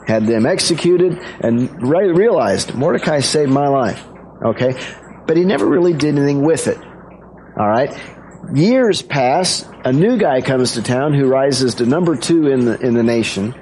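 A man's voice: mid-range voice, darkish tone, slight background noise, rough recording. Male pastor telling a story casually. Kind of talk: sermon.

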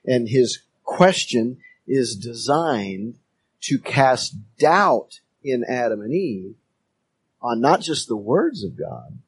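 A man preaching a sermon as a pastor, talking in a measured way with pauses and emphatic phrases. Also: mid-range voice, husky.

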